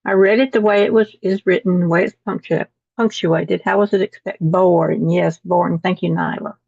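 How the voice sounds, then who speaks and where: A woman's voice: lowish voice, fairly even intonation, moderate pace, creaky, a little mellow, breathy edge, dry recording. A woman teaching a class over a video call, reading lesson text aloud and often repeating words after slips. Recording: dull, dry video call audio.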